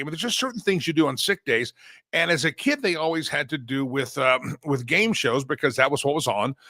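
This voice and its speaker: Bright-voiced mocking male talk host. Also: mid-range voice, dry recording. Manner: mocking, rambling, chuckling asides. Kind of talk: political commentary show.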